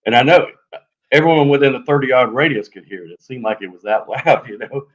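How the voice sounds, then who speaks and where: A man telling a story on a live show in a lively, animated way, acting out sounds as he goes. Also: medium pitch, fast talker, highs cut off. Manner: animated, lively retelling with fillers and sound effects. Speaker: guest telling an encounter story.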